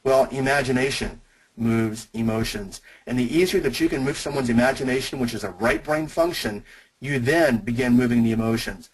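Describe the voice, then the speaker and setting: A man runs a teaching webinar on persuasion, his voice a little husky at an ordinary middle pitch. He makes his points emphatically, in short, punchy lines. He speaks directly to the people listening on the call. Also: a little fast, rough recording.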